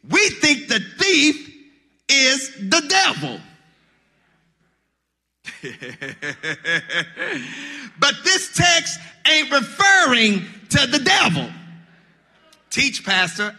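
A male pastor preaching a sermon, calling out to the congregation and rising into sung, shouted cadences. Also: extremely high pitch.

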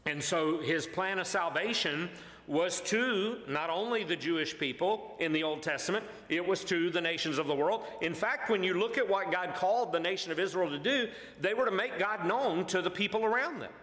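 Man, pastor, sermon, earnest, emphatic, fillers, high voice, roomy hall echo. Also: normal speed, fairly bright tone. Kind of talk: verse-by-verse Bible teaching. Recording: echoey hall with long reverb.

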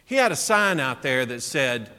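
A man preaching a sermon in an animated way, full of rhetorical questions. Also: mid-range voice, moderate pace, clean tone, in a large hall.

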